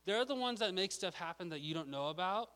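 A man's voice: high voice, lively intonation, brisk, fairly bright tone, low-quality recording. A man preaching a casual, chatty sermon, often checking in with "okay?".

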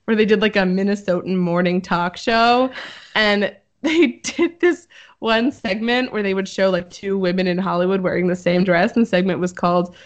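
A woman's voice: mid-range voice, normal speed. Chatty young woman, muffled lo-fi mic. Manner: chatty, filler-heavy, laughs often. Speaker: podcast co-host presenting research. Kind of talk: casual chat.

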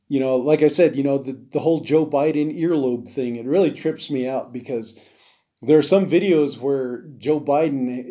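A man's voice: medium pitch, dark tone. A man hosting a solo podcast, talking casually and rambling with many fillers, restarts and some swearing. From Navajo reservation. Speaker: podcast host.

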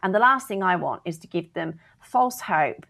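Woman, gravelly, lower voice, frank, emphatic, casual interview. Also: expressive, normal speed, a bit bright. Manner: frank, emphatic, laughs often. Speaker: wedding planning educator.

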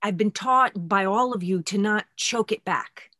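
A woman hosting a podcast conversation, talking candidly and self-deprecatingly with halting restarts. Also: medium pitch, sharp tone, no echo, studio quality. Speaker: podcast host.

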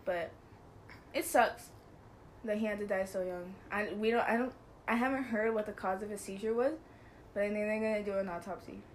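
With a mid-range voice, fairly even intonation and a fairly quick pace, this young podcast co-host giggles and rambles through a casual chat, apologizing again and again. There's a bit of background noise.

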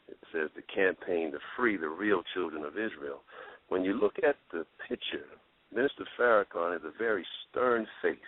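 Deep-voiced male radio host on a phone line. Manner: affirming interjections, steady questions. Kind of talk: radio interview.

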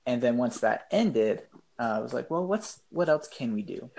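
A man's voice: medium pitch, expressive, moderate pace, creaky, darkish tone, rough recording. A man chatting casually as a podcast guest, hesitant and full of ums and uhs. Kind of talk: casual chat.

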